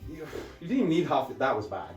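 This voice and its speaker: A man's voice: a little high, very animated, fast talker, darkish tone, lo-fi sound. Chatty man hosting a game, echoey room. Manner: joking, self-deprecating, chatty. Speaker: wargaming channel host. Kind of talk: casual tabletop game commentary. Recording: echoey room with music underneath.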